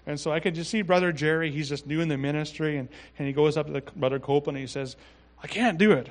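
A pastor preaching a sermon in a relaxed, conversational way, reading scripture and adding asides. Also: male voice, fairly high pitch, fast. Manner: conversational, with frequent restarts and asides.

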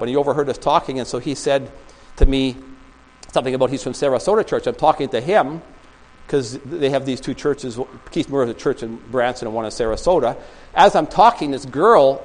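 A man's voice: mid-range voice, rough recording. A man preaching a sermon in a small church, telling stories and rambling with many restarts. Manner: rambling storytelling with frequent restarts. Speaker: pastor.

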